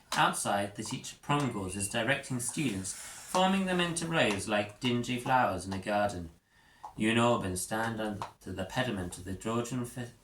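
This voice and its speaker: A man narrating a story in the second person with a measured, descriptive reading, recorded in an echoey room with faint noise. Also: lowish voice, fairly bright tone. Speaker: audiobook narrator.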